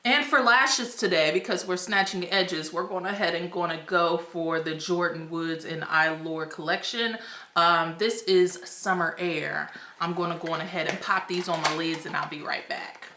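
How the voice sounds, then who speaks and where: A young woman filming a casual makeup tutorial, chatty and slangy with excited exclamations. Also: on the low side, moderate pace. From United States. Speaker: beauty vlogger. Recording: echoey room.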